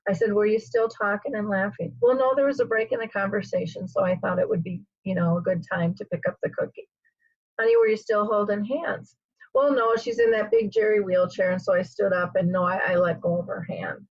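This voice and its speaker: Middle-aged lady host, husky voice, tells stories all animated, kinda dull lo-fi sound. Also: mid-range voice, fairly quick, no room sound. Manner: animated storyteller, acts out quoted voices. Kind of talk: casual interview chat.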